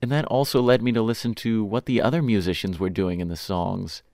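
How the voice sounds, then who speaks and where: A man co-hosting a podcast, speaking in a measured, explanatory way in casual chat. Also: lowish voice, steady tone, a little mellow, no room sound, clean studio sound. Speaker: podcast co-host.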